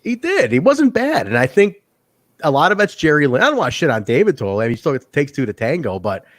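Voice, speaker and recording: A man's voice: medium pitch, animated, fast, dry recording, clean studio sound. A man hosting a podcast, chatting enthusiastically about old wrestling shows. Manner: chatty and enthusiastic, many restarts. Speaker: podcast host. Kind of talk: casual chat reviewing old wrestling shows.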